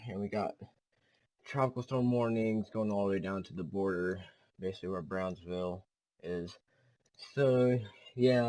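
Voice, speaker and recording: A young man hosts his own weather video, rambling casually as he points across satellite and model maps. His voice sits a bit low, and he leans on filler words between thoughts. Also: a little mellow, low-quality recording. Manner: loose and rambling, many "so yeah" fillers. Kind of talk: casual weather briefing over screen maps.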